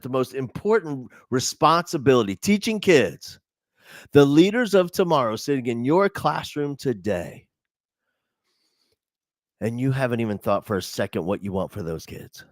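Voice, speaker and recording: A man in the middle of a storytelling keynote for teachers, laughing at himself as he goes. His voice sits at a medium pitch and is recorded close and dry. He leaps up high in pitch whenever he quotes someone. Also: no room sound. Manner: animated, self-mocking, laughs often; jumps high in pitch when quoting people. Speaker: conference speaker for teachers. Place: online conference session.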